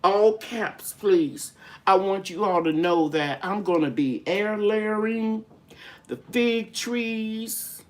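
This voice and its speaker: A woman's voice: medium pitch, takes it slowly. An older woman hosting a live-stream gardening Q&A, chatty and folksy, greeting viewers by name as she rambles through explanations. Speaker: gardening channel host.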